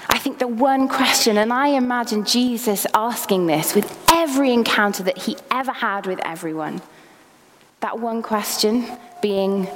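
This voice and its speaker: A woman's voice: on the high side, moderate pace, a little hiss or hum. A woman preaching a sermon in church, reading passages aloud from a book with small laughs between. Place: church hall. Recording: reverberant hall.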